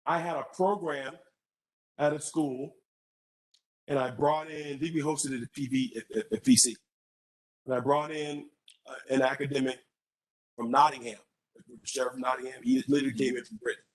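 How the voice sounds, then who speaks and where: At a public college forum, a male candidate answers an audience question with an animated story, often repeating words as he restarts. His voice sits in the mid range, and the recording quality is low.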